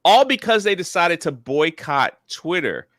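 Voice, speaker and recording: A man's voice: a little high, sing-song, measured pace, fairly bright tone, no room sound, clean studio sound. A man hosting a casual show, talking through entertainment news with sarcasm and frequent fillers. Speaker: show host.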